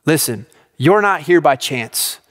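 A man in his thirties preaching a youth sermon, telling a personal story with lively quoted outbursts and direct appeals to his listeners. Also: on the high side, a little slow. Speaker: youth pastor.

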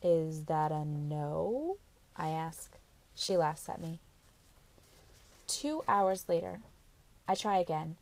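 A woman's voice: fairly low pitch, slow pace, long pauses, darkish tone, no room sound. A woman reading a first-person novel aloud as an audiobook, in plain storytelling with light character voicing. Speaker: audiobook reader.

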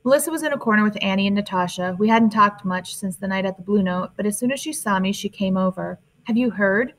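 A woman narrating a first-person novel in a plain, steady reading voice. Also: medium pitch, fast talker, rough recording. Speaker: audiobook narrator. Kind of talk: audiobook narration.

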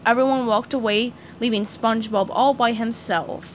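A woman reading a children's picture book aloud, expressive and clear. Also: on the high side, normal speed, a little hiss or hum. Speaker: storybook reader.

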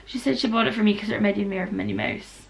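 A woman, hoarse and husky, chatting casually in a vlog and sometimes dropping to a whisper. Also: mid-range voice, fast talker, slight background noise. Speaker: vlogger.

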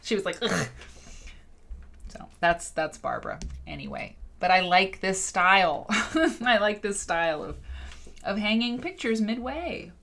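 A woman's voice: medium pitch, sing-song, measured pace, fairly bright tone. A woman hosting a livestream in casual, rambling chat, laughing often. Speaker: show host.

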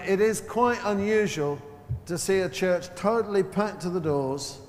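A man preaching a sermon at a Christian conference, emphatic and slowing down to stress key words. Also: high voice, slight background noise. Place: large hall at a Christian conference. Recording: live sermon with long hall reverb.

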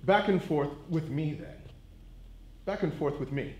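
A man's voice: on the high side, lively intonation, unhurried, a little mellow. An actor playing an evasive male moderator in a live stage play, wheedling and nervously insistent. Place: theatre stage. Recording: roomy theatre stage, faint noise.

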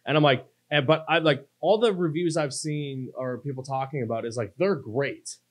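A man at a middling pitch co-hosts a casual podcast with a slightly strained voice. He rambles, swears freely and restarts his sentences as he goes. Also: moderate pace. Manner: rambling, profane, restarts a lot. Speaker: podcast co-host. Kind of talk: casual chat.

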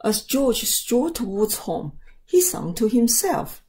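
Brief: story time reader, woman, unhurried and soft, warm breathy tone. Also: on the high side. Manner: slow, soft, expressive reading. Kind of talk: picture book read-aloud.

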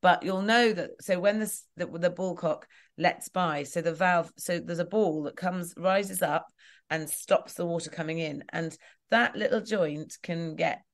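A woman's voice: on the low side, measured pace. A woman guest giving practical home advice in a chatty, rambling way, often correcting herself mid-sentence. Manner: chatty, rambling, explains with self-corrections and laughs. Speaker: guest property expert. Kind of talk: casual interview advice.

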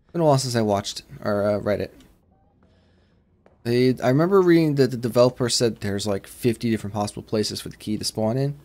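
A gaming channel host, a man with a middle-pitched voice, talks his way through a horror game at a fairly quick clip. His thoughts wander from one to the next, and he lets out sudden shouts whenever something jumps out at him.

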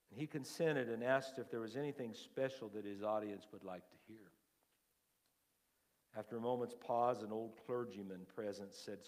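Slow-preaching man in a reverberant church. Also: fairly low pitch. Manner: slow storytelling, trailing off softly then rising to fervent emphasis. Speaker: lead pastor. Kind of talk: sermon. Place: church sanctuary. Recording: long church-hall reverb.

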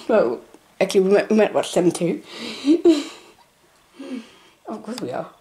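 A woman chatting casually to camera as a vlogger, giggling between phrases and rambling excitedly. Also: mid-range voice, a little slow. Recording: roomy echo.

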